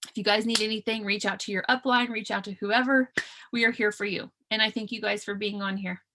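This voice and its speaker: A woman's voice: medium pitch, steady tone, fairly quick, sharp tone. A woman in her thirties leading a business video call, talking in an earnest, chatty way with many fillers and restarts. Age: 30s. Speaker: team leader hosting a business call. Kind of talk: casual motivational talk on a video call.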